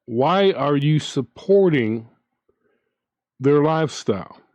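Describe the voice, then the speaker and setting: A man's voice: on the high side, lively intonation, slow, a little mellow, dry recording. A man hosting his own channel, ranting in a casual, indignant way, with frequent restarts as he talks. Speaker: commentary channel host.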